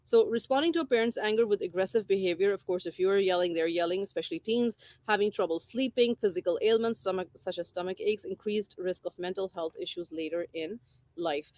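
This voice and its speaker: A woman's voice: medium pitch, brisk, darkish tone, no echo. A woman giving an informal talk on parenting, explaining a book's ideas and repeating key phrases for emphasis. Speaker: parenting educator.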